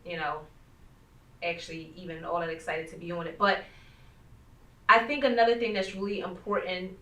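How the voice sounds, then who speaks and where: A woman hosting a podcast as a coach, talking in a reflective, measured way. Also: on the low side, level tone, pushed and bright, roomy sound, recorded from a distance. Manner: reflective, measured, faith-minded. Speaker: podcast host, life coach. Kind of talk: casual conversational podcast.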